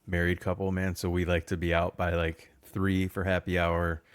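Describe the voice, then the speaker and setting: A man with a very low voice, co-hosting a podcast in loose, casual chat. He tells rambling stories and laughs often, recorded dry and close with no room sound. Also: completely flat delivery, normal speed, smooth, no room sound. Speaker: podcast co-host.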